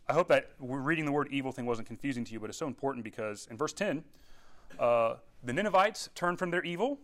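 A man's voice: medium pitch, a bit bright. A man, teaching a casual Bible lesson to young people and often checking in with his listeners. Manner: conversational, checks in with "all right?" and "okay?". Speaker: youth pastor.

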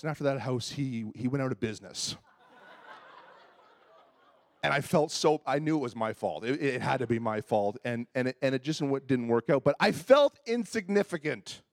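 A man's voice: fairly high pitch, no echo, clean studio sound. A man in his fifties, a pastor telling a humorous, self-deprecating story in a sermon and acting out the voices of the people in it.

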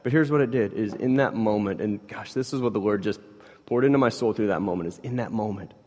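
A man's voice: lowish voice, fast. Pastor, man, 30s, chatty sermon delivery that drops to near-whispers and rises again, long hall reverb. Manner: conversational, swings from hushed to loud, many "like" fillers.

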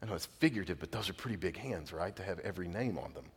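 A man's voice: low voice, animated, very fast, slightly rough. A man preaching a sermon as a pastor, earnest and conversational, dropping casual fillers as he speaks to his church. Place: church sanctuary. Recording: long reverb of a large hall.

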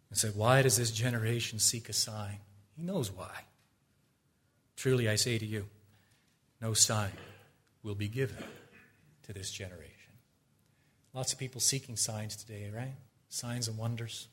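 A man preaching a sermon, asking his listeners rhetorical questions and moving between low, quiet asides and loud, emphatic exhortations. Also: steady tone, moderate pace, long pauses.

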